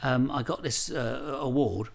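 A man's voice: mid-range voice, unhurried, vocal fry. A man hosting a casual talk, telling anecdotes in a rambling, hesitant way with many restarts. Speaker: host. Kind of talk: casual talk-show chat. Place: Greenwich, London.

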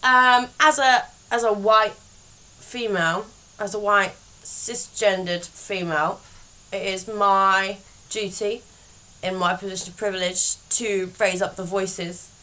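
A woman hosts her podcast in a worn-out, slow monologue. She drifts, restarts and corrects herself mid-sentence. Her voice is bright and forward despite the fatigue. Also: mid-range voice, steady tone, low-quality recording. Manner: slow, rambling, self-correcting. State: tired. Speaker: podcast host. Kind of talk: casual monologue.

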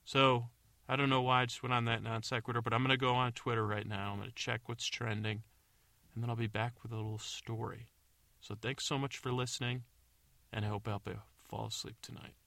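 A man's voice: mid-range voice, little pitch movement, fairly quick, gravelly, pushed and bright, no room sound. A man hosting a podcast, telling a meandering bedtime story and correcting himself as he goes. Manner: meandering, self-correcting, unsure asides. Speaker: podcast host. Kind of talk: rambling bedtime story narration.

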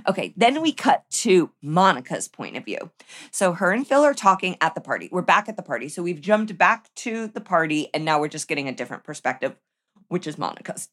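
A woman's voice: lowish voice, very animated, brisk, a bit bright. A woman co-hosting a casual chat, recapping a movie with wry, joking remarks. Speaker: podcast co-host.

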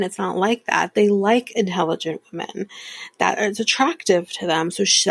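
A woman's voice: medium pitch, vocal fry, husky, no echo. A woman hosting a podcast, recapping a reality show in a candid, chatty way with frequent laughs. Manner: chatty, candid, laughs often, drifts into whispered asides. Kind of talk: casual chat.

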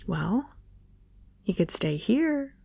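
A woman voicing a bubbly, easily flustered young woman who gushes, her voice pitched up in a romance story. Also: measured pace, a little mellow, dry recording. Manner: gushing, giggly delivery.

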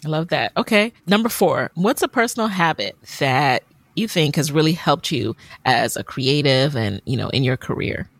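A woman's voice: low-pitched, expressive, moderate pace, dry recording. A woman hosting a podcast interview, affirming her guest and moving through questions. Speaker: podcast host.

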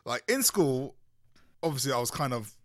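A man's voice: mid-range voice, moderate pace, no echo, clean studio sound. A man from London co-hosting a podcast, telling a story in casual chat with lots of stops and restarts. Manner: animated storytelling with many restarts. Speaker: podcast co-host.

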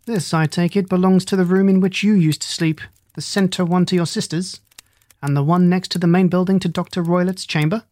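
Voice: medium pitch, steady tone, a little mellow, no echo, natural voice. A reader doing a cool, precise Victorian detective. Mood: calm. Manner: precise, formal and measured. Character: sharp, calm Victorian male detective. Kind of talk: audiobook reading.

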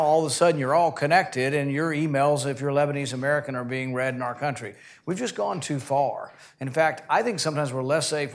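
A man's voice: a little high, creaky. Direct, argumentative man on a panel. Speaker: senator. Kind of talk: panel discussion.

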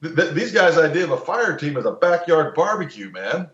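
A man's voice: fairly high pitch, big pitch swings, fast talker, fairly bright tone, dull audio. Blunt, profane man in a roomy room. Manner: blunt, profane, opinionated, with many restarts. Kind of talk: casual podcast talk.

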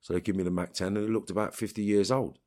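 A man's voice: fairly low pitch, steady tone, quick pace, warm tone. A man with a London accent, talking bluntly and streetwise in an interview, with bursts of swearing. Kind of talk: storytelling interview.

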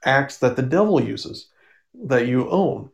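A man's voice: medium pitch, lively intonation, takes it slowly, creaky, reverberant, lo-fi sound. A man voicing a small, vengeful talking male possum with an eager, insistent delivery. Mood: curious.

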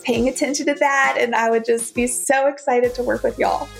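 A woman's voice: fairly high pitch, steady tone, moderate pace, creaky, faint music behind. A woman with a Southern accent, a podcast guest talking in an earnest, effusive way with plenty of fillers. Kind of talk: casual interview chat.

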